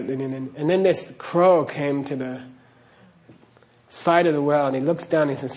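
A man's voice: fairly high pitch, moderate pace. A man giving an earnest spiritual talk to an audience, often checking in with "okay?" and laughing as he tells stories. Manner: earnest, repeats "okay?", laughs while storytelling. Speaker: spiritual teacher.

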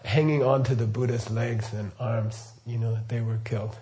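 A man's voice: medium pitch, steady tone, normal speed, mellow. A middle-aged man giving a loose, rambling Buddhist talk, often checking in with his listeners. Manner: rambling, asks listeners questions, frequent okay and right. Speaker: Buddhist teacher. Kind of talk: casual spoken teaching.

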